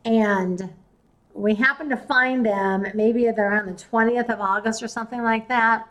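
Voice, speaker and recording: A woman's voice: a little high, steady tone, a little slow, a bit bright, muffled recording. Chatty woman. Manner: chatty, retells conversations in quoted voices. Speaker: podcast host and real estate investor. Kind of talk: casual storytelling.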